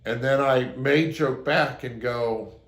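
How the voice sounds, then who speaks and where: A man's voice: medium pitch, takes it slowly, roomy sound. A man sharing a personal story as advice to his viewers, speaking earnestly and acting out the lines he quotes. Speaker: relationship advice host. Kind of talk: advice monologue to camera.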